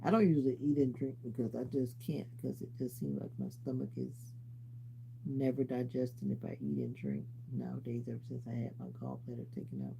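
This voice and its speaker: A man's voice: medium pitch, fairly quick, vocal fry, warm tone, slight background noise. A congested, sleepy man chatting casually with viewers on his livestream, rambling as he snacks. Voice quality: stuffy, congested. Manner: rambling, talks while snacking and reading chat. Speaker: livestream host.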